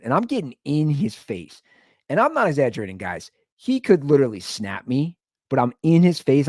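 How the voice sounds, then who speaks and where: A man's voice: mid-range voice, dark tone, dry recording, clean studio sound. A man hosting a comedy podcast, telling a story and acting out both sides of the argument.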